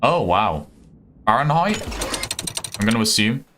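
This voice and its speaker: A man's voice: fairly low pitch, sing-song, a little slow, a bit bright, a little hiss or hum. A young man with a Birmingham accent, chatting casually with his live chat while he plays a game. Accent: Birmingham English. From Birmingham, England. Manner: chatty, rambling, self-deprecating, talks to chat. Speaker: streamer. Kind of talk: casual live-stream chat over gameplay.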